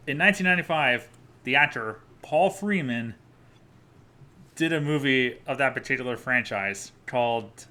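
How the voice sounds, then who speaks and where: A man's voice: mid-range voice, moderate pace, sharp tone. A man guest on a podcast, adding film trivia in casual chat. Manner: trivia asides.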